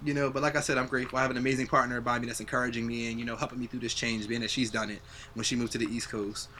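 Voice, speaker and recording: A man's voice: mid-range voice, level tone, rapid-fire, sharp tone, a little hiss or hum. A young adult man hosting a podcast, chatting casually and reflectively, swearing freely. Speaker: podcast host. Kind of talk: casual chat.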